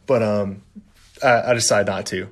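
A man, a veteran who drives deliveries, recounting a story in a relaxed, self-deprecating way with frequent "kinda" and "like". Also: on the low side, normal speed. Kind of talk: storytelling interview.

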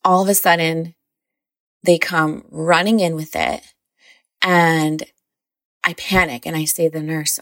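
A woman's voice: deep voice, unhurried, pauses often, fairly bright tone, no room sound, clean studio sound. A mother casually recounting a birth story, rambling and filling her speech with "like". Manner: rambling, heavy use of "like".

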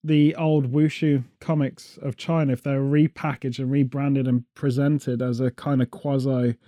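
In a warm, mid-range voice that moves little in pitch and runs a little slow, a British man hosts a podcast. His casual chat is rambling and jokey, often going off on tangents.

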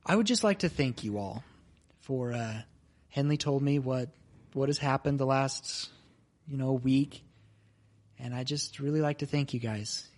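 A man voicing a grateful mother in a tabletop role-play, thanking her daughter's friends slowly and haltingly. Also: mid-range voice, lightly acted. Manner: slow, halting, earnest thanks. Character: gentle grateful mother of a young woman.

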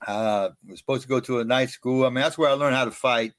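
A middle-aged man telling his life story as a guest in an interview, animated and self-mocking. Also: medium pitch, fast, no echo.

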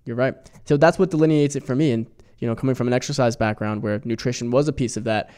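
Man, podcast co-host, doctor, chatty, agreeable, mid pitch. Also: fast talker, warm tone, clean tone. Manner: engaged, frequent agreeing interjections. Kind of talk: conversational health podcast.

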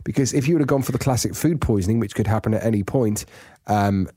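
A man's voice: on the low side, quick pace, dry recording. A man, a radio presenter co-hosting a podcast in casual chat, playful and teasing. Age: 40s. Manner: playful, teasing, lively storyteller.

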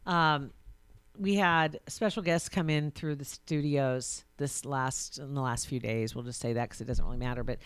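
A woman's voice: very deep voice, fairly even intonation, moderate pace, clean tone, no echo. A woman co-hosting a podcast in casual chat, talking loosely with frequent laughs and restarts. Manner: chatty, laughs often, trails into restarts. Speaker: podcast co-host.

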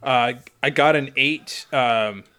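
A man playing a tabletop game, quickly describing his character's reaction. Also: medium pitch, sharp tone, clear, resonant tone. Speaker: player.

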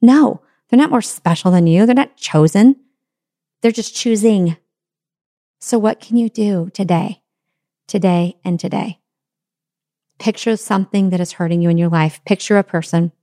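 A woman's voice: mid-range voice, normal speed, long pauses, mellow, no echo, studio quality. A middle-aged woman giving an earnest self-help talk on letting go, with repeated phrases and rhetorical questions. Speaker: motivational speaker.

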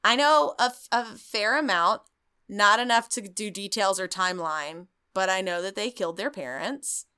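Bright, clear-voiced woman telling stories. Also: mid-range voice, normal speed. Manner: animated storyteller, jokey, swears. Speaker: podcast co-host. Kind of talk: casual chat.

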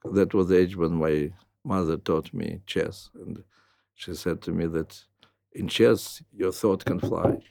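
An older man with a Russian accent, a native Russian speaker, answering interview questions in halting, reflective English. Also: low-pitched, steady tone, vocal fry, a little mellow, no echo, clean studio sound. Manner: halting, restarts with "uh", non-native grammar. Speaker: guest.

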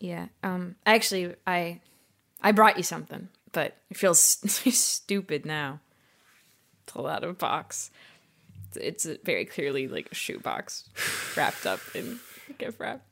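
A woman playing an overconfident, goofy male high-school student who later becomes a famous coder, in an improvised comedy sketch. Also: lively intonation, a little slow, gravelly, a bit bright, full character voice. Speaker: comedy podcast co-host.

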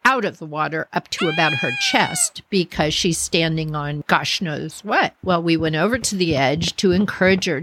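A woman's voice: medium pitch, very animated, normal speed, hardly any pauses, fairly bright tone. A woman hosting a podcast, telling a personal story with lots of acted-out quotes.

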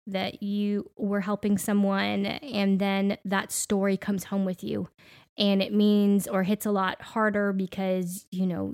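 A woman's voice: mid-range voice, gravelly, no room sound, clean studio sound. A woman in her thirties co-hosting a podcast in casual, reflective chat with frequent fillers. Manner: conversational, reflective, many fillers. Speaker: podcast co-host.

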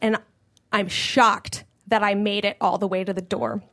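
A woman telling a comedic personal story in an animated way, acting out the voices of the people in it. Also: mid-range voice, measured pace. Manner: animated, acts out quoted voices.

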